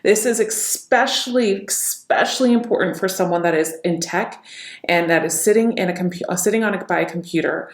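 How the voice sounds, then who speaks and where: A woman talks her viewers through practicing facial expressions and tonality, like a coach giving a lesson. Her voice sits low and has a gravelly fry to it. The room around her sounds echoey. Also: a little fast. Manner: demonstrates emotions by repeating one line in many tones. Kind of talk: instructional talk to camera.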